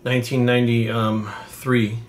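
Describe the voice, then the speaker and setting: A man's voice: mid-range voice, flat delivery, moderate pace, a little hiss or hum. A man in his forties from New England, telling a casual story to camera in a rambling, profane way with many fillers. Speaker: fitness coach.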